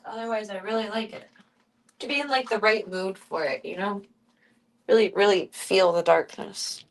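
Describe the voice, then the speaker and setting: A woman streaming casually from home, chatting with viewers and talking softly to her cats. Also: mid-range voice, moderate pace, gravelly. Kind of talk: casual live-stream chat.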